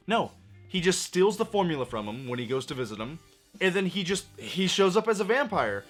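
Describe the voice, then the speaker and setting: A man giving a profane, exasperated film review rant, his voice going hoarse. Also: a little high, very animated, a little fast, a bit bright, soft background music. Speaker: movie reviewer.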